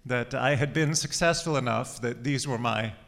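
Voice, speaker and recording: A man's voice: medium pitch, gravelly, fairly bright tone. A man in his forties, slightly out of breath, telling his life story in a conversational way. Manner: conversational storytelling with laughs and pauses. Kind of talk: personal life story told to an audience.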